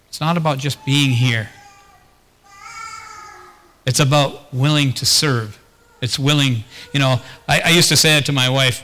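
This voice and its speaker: A man's voice: medium pitch, fairly even intonation, measured pace, long pauses, sharp tone. Earnest preaching man in a reverberant hall. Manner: earnest, with rhetorical questions to the congregation. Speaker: pastor. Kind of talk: sermon.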